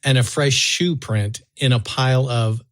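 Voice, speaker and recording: A man's voice: medium pitch, unhurried. A man co-hosting a podcast, reading odd news stories aloud and laughing often. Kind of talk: casual chat.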